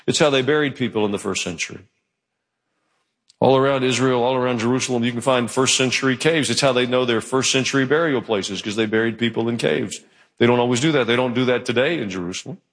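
A male pastor preaching a sermon in a church, telling the story with animated delivery. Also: medium pitch, fast talker. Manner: animated storytelling, acting out quoted voices. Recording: long hall reverb.

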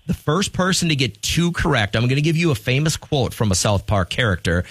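A man's voice: medium pitch, very animated, brisk, fairly bright tone, dry recording. A man hosting a morning radio show, running a call-in trivia contest in an upbeat, jokey way.

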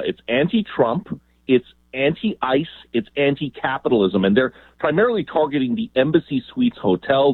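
A man calling in as a journalist guest on a radio show, talking emphatically and quickly with fillers. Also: medium pitch, dry recording. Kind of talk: phone-in radio interview. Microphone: phone. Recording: tinny phone line.

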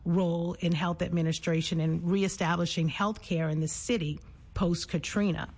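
A middle-aged woman from New Orleans talks through her work in an interview, her voice sitting on the lower side with a gravelly edge. She is thoughtful and measured, often pausing with small fillers before going on. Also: fairly even intonation, darkish tone. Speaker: nurse and public health administrator. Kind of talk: conversational interview.

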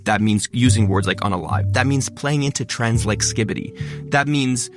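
Fast-talking man explaining ideas. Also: medium pitch, over music. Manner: fast-talking, explanatory, stresses many words. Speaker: guest, content creator. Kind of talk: conversational interview.

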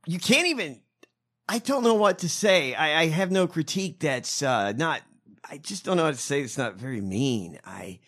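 A man's voice: a little high, expressive, moderate pace, fairly bright tone. A man co-hosting a casual chat, ranting in an incredulous, profane way. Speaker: podcast co-host.

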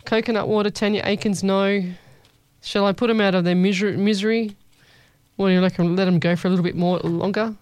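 A woman's voice: mid-range voice, fairly even intonation, brisk, a little mellow, clear, resonant tone, no echo. A woman hosting a radio show, chatting playfully with listeners and calling them lovey. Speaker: radio host. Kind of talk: casual chat reading listener messages.

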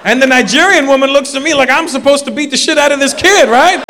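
High-voiced stand-up comic man in a hall. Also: quick pace, hardly any pauses. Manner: excited storytelling with acted-out quotes. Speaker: stand-up comedian. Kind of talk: stand-up comedy set. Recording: live hall with reverb and faint noise.

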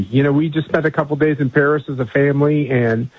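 A man giving a radio interview as a guest from a remote line, speaking earnestly and measured, with many fillers and restarts. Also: fairly high pitch, fairly even intonation, no echo. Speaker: guest, conservative group chairman. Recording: dry, dull remote line.

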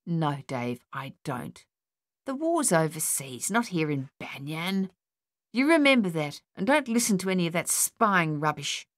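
Lady narrator doing earnest aussie young guy, incredulous, lively, dry read. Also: mid-range voice, a little fast, hardly any pauses, dry recording. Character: earnest young country man, scoffing and protective.

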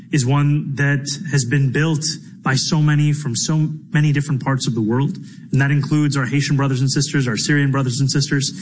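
A man's voice: medium pitch, rough recording. Earnest male politician's statement. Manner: earnest, measured, rallying. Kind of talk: public statement to press.

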